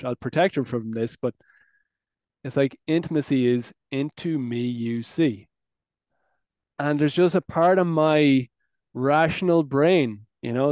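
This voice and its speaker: A man's voice: mid-range voice, darkish tone, dry recording, clean studio sound. A man hosting a podcast, talking earnestly and reflectively, swearing casually. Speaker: podcast host and men's coach. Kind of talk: reflective interview conversation.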